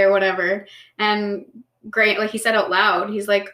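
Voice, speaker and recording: A woman co-hosts a podcast and tells stories in chatty, casual talk. She is animated and swears freely, with a middle-pitched voice. The recording has a roomy echo around her. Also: moderate pace. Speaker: podcast co-host. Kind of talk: casual chat, storytelling.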